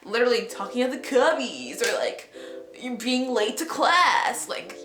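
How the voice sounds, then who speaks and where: Woman vlogger telling a story all dramatic, bit high voice, echoey room with faint music. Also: unhurried. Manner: dramatic, animated, swears casually. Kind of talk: casual storytime.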